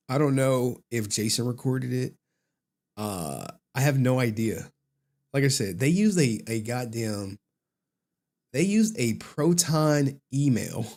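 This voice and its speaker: A man hosting a commentary channel, talking casually and telling stories with slang and frequent laughs. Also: mid-range voice. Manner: animated, joking storyteller who laughs often and slips into slang.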